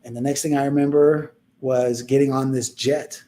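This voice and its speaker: A man's voice: medium pitch, flat delivery, normal speed, mellow. A young man telling a personal story in a casual podcast chat, rambling and heartfelt, acting out the people he quotes.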